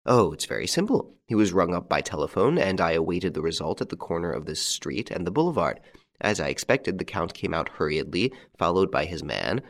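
Calm, masterful gentleman, voiced by a man. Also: sits low, brisk. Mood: courteous. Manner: calm, courteous, commanding.

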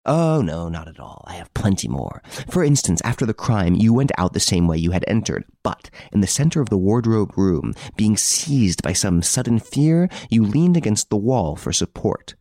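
A man's voice: lowish voice, sing-song, moderate pace, hardly any pauses, warm tone, no room sound. A man reading an audiobook, voicing a cool, menacing middle-aged ex-detective who speaks in a dry, hard, precise way. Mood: cold, assured.

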